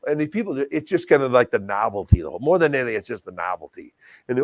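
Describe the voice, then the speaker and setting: An older Wisconsin man who works as a TV anchor and charity auctioneer tells stories in a casual interview, folksy, animated and self-deprecating. His voice is mid-range and quick-paced, with no echo.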